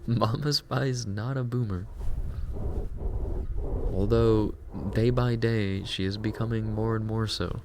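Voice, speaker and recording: A man's voice: on the low side, fairly even intonation, slow pace, pauses often, noisy background. A man hosting a livestream, chatting casually and reflectively while reading out chat messages. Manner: musing, self-reflective, reads chat aloud. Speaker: livestream host.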